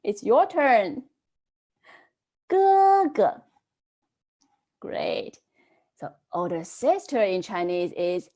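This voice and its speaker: A woman leads an online language class at an unhurried pace. Her pitch swings widely as she models each word, then prompts the class to try it themselves. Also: sing-song, mellow. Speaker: Chinese language teacher.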